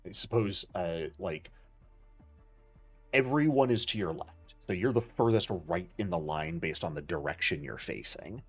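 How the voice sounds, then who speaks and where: A deep, husky-voiced man runs a tabletop game, his pitch swinging widely as he explains the scene. He searches for words as he goes, with faint music behind him. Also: lively intonation, moderate pace. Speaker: game master.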